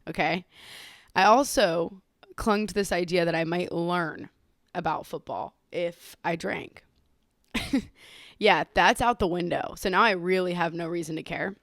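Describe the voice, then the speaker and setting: A woman's voice: fairly low pitch, no room sound, studio quality. A young woman with a Southern accent hosting her podcast in a casual, giggly, self-mocking chat while sick with covid. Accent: Southern American. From Southern United States. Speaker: podcast host. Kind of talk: casual chatty monologue.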